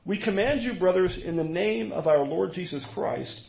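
A male preacher delivers a sermon with a lively, swooping delivery, often doubling back on his words and asking the congregation questions. His voice sits high and gravelly, captured on a dull, lo-fi recording. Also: moderate pace. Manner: animated, rhetorical questions, repeats words. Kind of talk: expository sermon.

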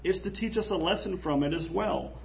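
A man preaching an animated, jokey sermon in church, acting out quoted voices. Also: high-pitched, brisk, vocal fry, highs cut off, a little hiss or hum. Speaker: pastor.

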